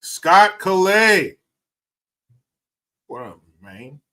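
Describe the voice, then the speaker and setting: A man's voice: high voice, expressive, extremely slow, heavy background noise. A man hosting a livestream who reads out viewer messages and banters in a joking, profane, laid-back way. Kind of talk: casual chat.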